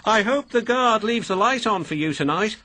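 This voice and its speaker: A man with a British accent voicing a timid young male tank engine who scares easily, talking in a high, jittery, breathless way over background music. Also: animated, normal speed, sharp tone, heavily acted. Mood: teasing.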